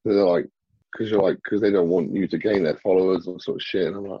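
A man's voice: sits low, fairly even intonation, fast, slightly rough, dull audio. A man talking as a bodybuilder guest in a casual interview, blunt and swearing freely.

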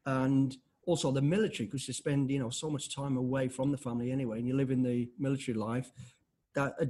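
A man in his fifties, an interview guest telling blunt, animated stories full of restarts and acted-out dialogue. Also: mid-range voice, quick pace. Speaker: interview guest, former special forces soldier. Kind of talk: casual conversational storytelling.

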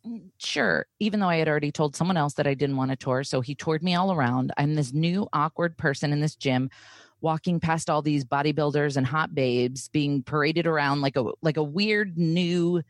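A woman's voice: low voice, moderate pace, no echo, clean studio sound. A woman in her thirties telling a personal story in casual chat, acting out the voices of the people in it. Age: 30s. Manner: animated, acts out quoted voices while retelling.

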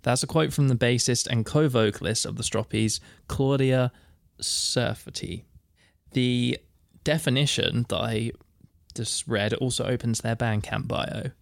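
A man's voice: mid-range voice, measured pace, vocal fry, no room sound, clean studio sound. A man co-hosting a casual music podcast, reading out definitions and quotes and laughing easily. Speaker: podcast co-host.

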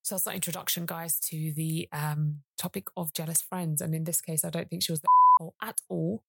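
Woman, low voice, gravelly, dry close sound, animated emphatic storyteller, casual chat. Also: a little fast, no room sound. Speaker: podcast co-host. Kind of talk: casual late-night chat.

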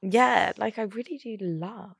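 A woman's voice: medium pitch, measured pace, creaky, breathy edge, no echo, studio quality. A woman, co-hosting a podcast, chatty, laughing and swearing freely in casual conversation. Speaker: podcast co-host. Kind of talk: casual chat. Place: indoor studio room.

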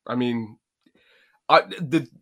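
A man's voice: mid-range voice, slow, sharp tone. A man co-hosting a podcast, joking around and explaining things at length in casual chat. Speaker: podcast co-host.

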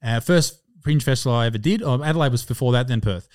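A man's voice: medium pitch, fast talker, a little mellow, dry recording, studio quality. An Australian man in his twenties, a stand-up comic telling rambling stories in casual chat and swearing constantly. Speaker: stand-up comedian and podcast guest.

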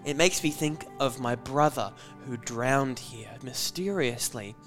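A sketch comedian improvising on a podcast, narrating scenes with excitable mock wonder. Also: male voice, medium pitch, measured pace, soft background music.

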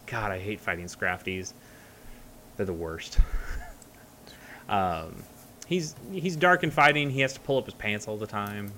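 A man's voice: lowish voice, pushed and bright, slight background noise. A man chatting casually as a co-host, rambling with many fillers and restarts. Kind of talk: casual chat.

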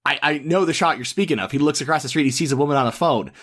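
A man's voice: a little high, very fast, a bit bright. Rambling man on a movie podcast. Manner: rambling, hesitant with many fillers, given to laughing. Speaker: podcast co-host. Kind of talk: casual movie-talk chat.

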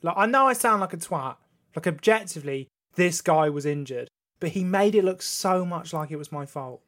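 A man's voice: on the high side, animated, normal speed, a bit bright. A young man, a podcast co-host, telling a story in casual chat and swearing freely.

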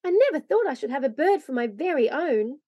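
A woman's voice: sits high, sing-song, a little fast, gravelly, warm tone, husky, no echo, lo-fi sound, heavily acted. A woman reading aloud, voicing a decided, motherly young girl in a storybook. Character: bossy, kind-hearted young girl, eldest sister.

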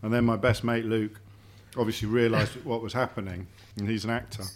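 This middle-aged man's voice is fairly low, level, and brisk. As a guest in a home dining room, he chats casually over dinner, telling stories and repeating words as he thinks.

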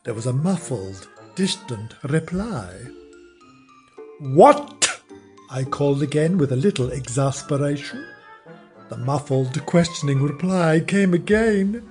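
Lively, unhurried man spinning a comic tale. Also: fairly high pitch, faint music behind. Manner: wry, theatrical, mock-indignant. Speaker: podcast host. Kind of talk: comic storytelling narration.

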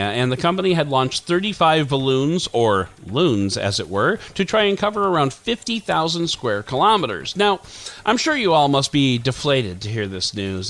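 Lively, playful tech podcast host. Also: male voice, mid-range voice. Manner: playful, punning, self-mocking asides. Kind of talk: scripted news roundup with jokes.

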